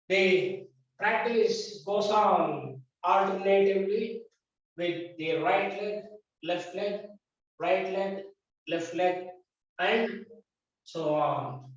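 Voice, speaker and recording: A man with an Indian English accent, a yoga teacher lecturing his class in short, repeated, emphatic phrases. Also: high-pitched. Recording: echoey dull recording from a distance.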